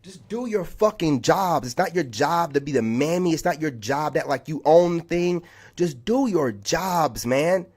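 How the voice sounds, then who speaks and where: A fairly high, expressive male voice with a darkish tone moves a little slowly through a vlog rant. The content creator is heated and exasperated, telling his story repetitively with "man" scattered throughout.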